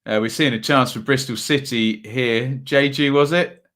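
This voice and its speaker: A man's voice: medium pitch, steady tone, moderate pace, a bit bright. A man hosting a live football watchalong stream, chatting casually and reading out viewer comments between match updates.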